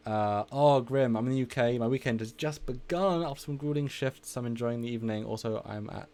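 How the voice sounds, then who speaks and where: A man in a mid-pitched, everyday voice hosts a casual live stream. He is chatty and energetic, reads viewer comments aloud and answers them on the fly with easy laughs. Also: fairly quick, a little hiss or hum.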